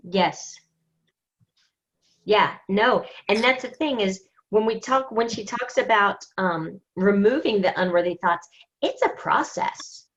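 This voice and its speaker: A woman's voice: mid-range voice, slow pace, dull audio. Fired-up woman coaching over a call. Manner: emphatic, energetic, fired-up. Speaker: book study group leader. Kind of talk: motivational group coaching call.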